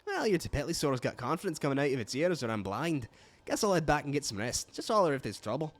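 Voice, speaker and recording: A man voicing a friendly, rough-spoken male alpaca herder in a put-on Scottish accent. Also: on the high side, very animated, fast, voice pushed up. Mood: coaxing.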